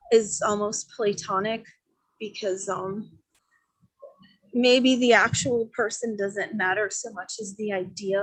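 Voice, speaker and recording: A woman from Miami talking in a casual podcast discussion, chatty and animated, with many fillers. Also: mid-range voice. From Miami, Florida.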